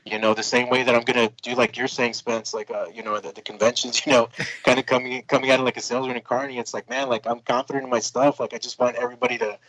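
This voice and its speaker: A man's voice: medium pitch, little pitch movement, quick pace, few pauses, a bit bright, poor audio. A man talking casually as a podcast guest and comic creator, laid-back and rambling with lots of filler words. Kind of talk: casual chat.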